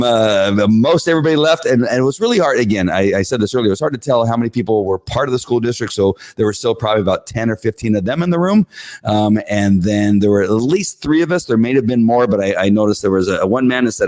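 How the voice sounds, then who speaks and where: Talking fast, a man hosting his show runs through what happened at a school board meeting, lively, loose and packed with fillers, his pitch shooting up as he plays the crowd.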